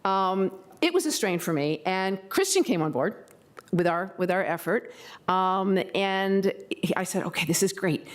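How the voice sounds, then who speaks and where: An older woman speaks at a county board meeting in a chatty, rambling way, mid-pitched and unforced. She pokes fun at herself and slips into lively impressions of the people she quotes, giving the tribute a loose, off-the-cuff feel. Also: a little slow. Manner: rambling, chatty, self-deprecating, with animated quoted asides. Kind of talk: informal tribute speech. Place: public meeting chamber.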